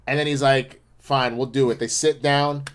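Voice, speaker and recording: A man's voice: mid-range voice, steady tone, moderate pace, clean tone. A man co-hosting a casual, profane review chat, rambling as he retells scenes and acts out the lines. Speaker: podcast co-host reviewing an animated episode.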